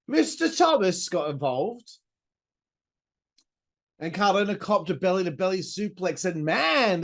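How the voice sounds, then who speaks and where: A man, hosting a podcast and recapping a wrestling show in a chatty, enthusiastic way, swearing and throwing in asides. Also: a little high. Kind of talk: casual recap commentary.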